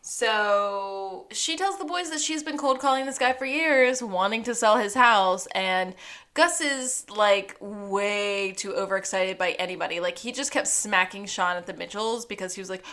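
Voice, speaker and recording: A woman co-hosts a podcast, casually recapping a TV episode with a medium-pitched, sharp-toned voice at a measured pace. She's chatty, laughs often, and acts out the characters' lines.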